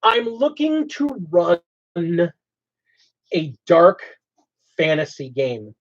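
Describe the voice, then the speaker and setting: A man's voice: high-pitched, big pitch swings, slow. A man hosting a casual hobby channel chat, thinking aloud as he explains his plans. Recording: slightly dull lo-fi audio.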